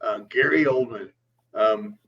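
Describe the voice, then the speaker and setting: A man's voice: lowish voice, measured pace, gravelly. A man co-hosting a podcast in casual chat, rambling with many ums and uhs. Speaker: podcast co-host. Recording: lo-fi, distant mic with faint hum.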